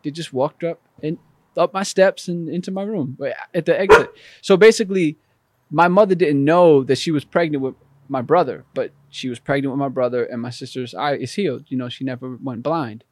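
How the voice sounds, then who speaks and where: A man's voice: on the high side, fairly quick, no room sound. A man guest on a podcast, telling a personal story in conversation and acting out the voices in it. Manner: animated, acts out voices in his story.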